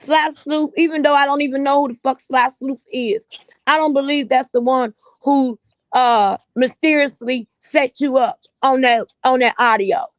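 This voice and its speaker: A woman's voice: sits high, steady tone, normal speed, no echo, lo-fi sound. Blunt cussing woman on a panel. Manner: blunt, profane, emphatic. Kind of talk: heated casual panel chat.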